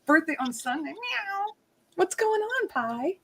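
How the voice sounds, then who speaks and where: A woman's voice: medium pitch, lively intonation, moderate pace, a bit bright, slight background noise, low-quality recording. A woman hosting a casual live-stream chat on a video call from home, bubbly and giggly as she chats while cooking. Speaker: host of a live stream hangout.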